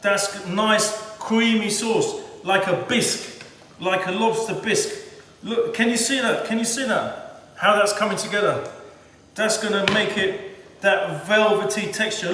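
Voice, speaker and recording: A man's voice: high voice, unhurried, sharp tone. A man cooking at home who talks to the camera in a chatty way and repeats his words as he works. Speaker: home cook. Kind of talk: casual cooking demonstration. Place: home kitchen. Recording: echoey kitchen from far off.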